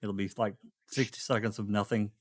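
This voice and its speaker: A man's voice: fairly low pitch, flat delivery, a little fast. A man casually chatting and joking on a livestream as co-host, rambling a little as he talks. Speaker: stream co-host.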